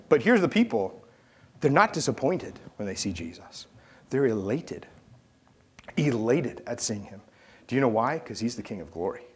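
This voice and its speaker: A male preacher in his thirties delivers a sermon in a mid-pitched voice. He tells his stories with lively swings, rising to loud calls and dropping to near-whispered asides. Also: husky. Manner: animated storytelling, swings from shouting to hushed. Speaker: pastor.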